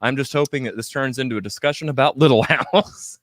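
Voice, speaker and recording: A man's voice: medium pitch, a little fast, fairly bright tone, no room sound, studio quality. A man hosting a podcast, casually chatting and reading live comments with a joking, laughing manner. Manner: jokey, laughs often. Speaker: podcast host.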